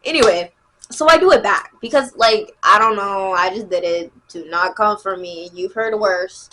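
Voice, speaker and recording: A young woman, telling a casual storytime vlog in a chatty, animated way. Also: medium pitch, moderate pace. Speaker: vlogger.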